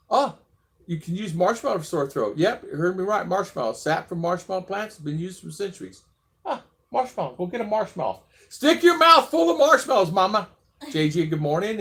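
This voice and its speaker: Chatty, rambling male vlog host on a live stream, slightly higher voice, reads viewer comments, laughs easily. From abroad, living in the Philippines. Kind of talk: casual live-stream chat.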